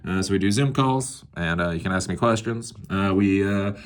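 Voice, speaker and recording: A man's voice: deep voice, normal speed. A middle-aged man hosting a casual, rambling tech commentary show, sarcastic and laughing at his own jokes.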